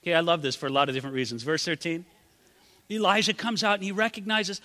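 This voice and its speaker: A man's voice: high-pitched, fairly even intonation, fast talker, bright, forceful tone, big-room sound. A man preaching a sermon, dramatically acting out quoted prayers in a raised voice. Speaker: pastor.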